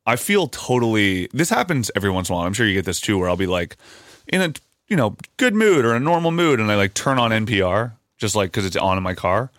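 A man hosting a casual podcast chat, animated and swearing, tossing out quick asides. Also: lowish voice, dry recording, clean studio sound. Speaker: podcast host.

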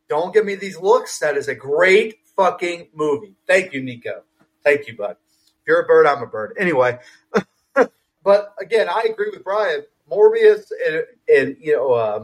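A man co-hosting a film review podcast, chatting casually with lots of swearing and quick asides. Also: a little high, poor audio. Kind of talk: casual chat.

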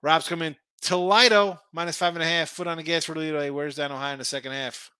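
A man's voice: fairly high pitch, fairly even intonation, quick pace, bright, forceful tone, clear, resonant tone, no room sound. A middle-aged man hosting a sports betting show, rambling through picks and opinions with frequent restarts. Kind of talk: casual sports betting talk.

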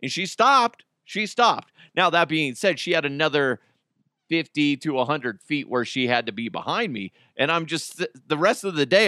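A man in his thirties hosts a podcast and tells his stories as casual chat, swearing freely, his voice leaping up when he gets worked up. His tone is bright and forceful and sits a little high for a man. He speaks close to the microphone in a dry, dead room. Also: no room sound. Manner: animated and profane, voice jumping up in outbursts. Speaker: podcast host. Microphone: close studio microphone.

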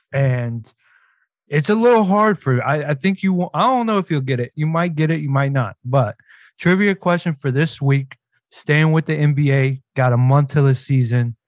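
A man's voice: medium pitch, dry recording. A man hosting a casual sports podcast, talking in a laid-back, teasing way. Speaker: podcast host.

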